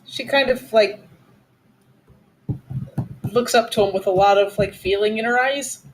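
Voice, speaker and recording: A woman playing a tabletop game, softly and hesitantly describing her character's actions with many restarts. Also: medium pitch, a little slow, a little hiss or hum, rough recording. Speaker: player.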